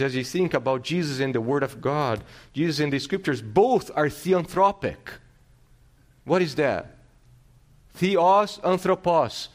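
A man preaching a sermon in a somewhat high voice. He teaches through rhetorical questions and restarts his phrases. He swings between loud emphatic lines and slow, quiet ones. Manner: emphatic, varies loudness and pace widely. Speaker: pastor.

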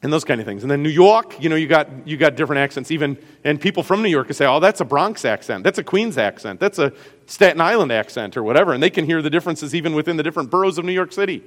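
A man with a Great Lakes American accent teaches a class on Scripture, his voice sitting a touch higher than most men's. He talks conversationally, stopping to ask whether his listeners follow. A long reverb trails his words, as in a large room. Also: lively intonation, fast talker. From US Great Lakes region. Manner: conversational, checks in with listeners often.

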